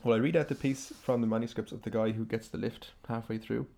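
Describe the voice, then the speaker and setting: Fast-talking man with a gravelly low voice. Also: steady tone, a little mellow. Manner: thoughtful, talks quickly with hesitations. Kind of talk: academic conversation.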